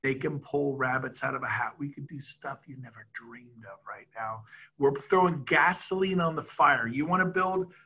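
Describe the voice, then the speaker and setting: A middle-aged man giving an excitable, rambling sales pitch over a video call, laughing at himself as he goes. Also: moderate pace, vocal fry, breathy edge. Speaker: real estate team leader.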